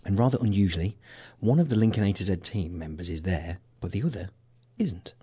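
A man's voice: sits low, expressive, brisk, warm tone, slightly rough. A man with an English accent co-hosting a local radio show, chatting and teasing his partner with lots of fillers. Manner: joking, teasing, with frequent fillers.

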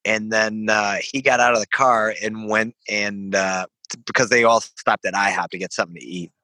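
A man's voice: fairly low pitch, fairly even intonation, moderate pace, bright, forceful tone, no echo. Swearing young man telling a story. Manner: rambling, laughing, swears freely. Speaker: podcast guest, veteran. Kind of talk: casual storytelling.

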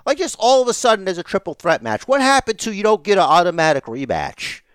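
Lively ranting man, high voice. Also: quick pace, clean tone, dry recording, clean studio sound. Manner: ranting, profane, emphatic. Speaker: podcast co-host. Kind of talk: casual wrestling podcast chat.

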